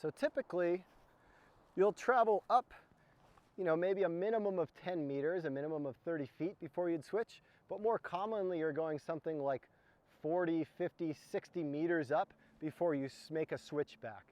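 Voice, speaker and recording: A man with a fairly high voice walks through climbing techniques one step at a time while demonstrating them. The sound is dry and close, with no room echo. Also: moderate pace, darkish tone. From United States. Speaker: mountaineering instructor. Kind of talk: outdoor skills demonstration. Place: snow slope outdoors.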